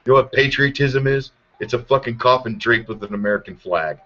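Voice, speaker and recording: A man's voice: mid-range voice, fairly quick, sharp tone. A man hosting a show, ranting angrily and sarcastically with constant swearing. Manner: angry, heavy swearing, sarcastic. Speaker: podcast host. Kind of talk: profane political rant. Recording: muffled lo-fi audio.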